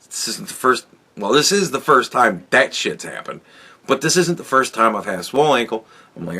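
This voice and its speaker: A man's voice: mid-range voice, sing-song, moderate pace, pushed and bright, husky. A man hosting a podcast, telling a rambling, profane story in a casual monologue. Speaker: podcast host.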